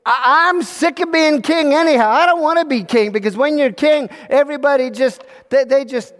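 A man's voice: high voice, expressive, normal speed. A man voicing a frustrated young king in a told story, pleading and exasperated. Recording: hall reverb.

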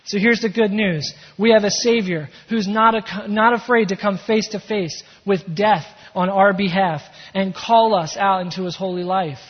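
A man preaching a sermon as pastor. He delivers it with emphatic energy and quieter reflective passages. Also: high voice, normal speed, hardly any pauses, husky. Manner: emphatic preaching with shifts between energy and hushed calm. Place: church sanctuary. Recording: dull sound in a reverberant hall.

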